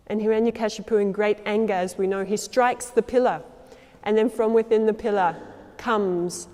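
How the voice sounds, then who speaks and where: A woman tells a devotional story in a sermon, her voice fairly high and mellow. She acts out her characters' lines by shifting her loudness and pace. The sound carries a long hall reverb. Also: normal speed.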